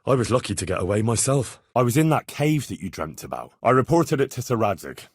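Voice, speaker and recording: An actor playing an earnest, dutiful young squire in a medieval game, speaking plainly and deferentially in recorded dialogue lines. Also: male voice, medium pitch, very animated, fairly quick, husky, dry recording, studio quality. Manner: plain, sincere and deferential, with many lines read twice. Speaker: player character in a game. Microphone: close studio mic.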